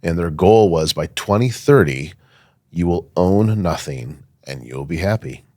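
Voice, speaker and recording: A man's voice: low voice, animated, measured pace, a little mellow, no echo, clean studio sound. A man speaking as a guest in a podcast interview, emphatic and insistent, with frequent fillers. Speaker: guest, firearms safety academy owner.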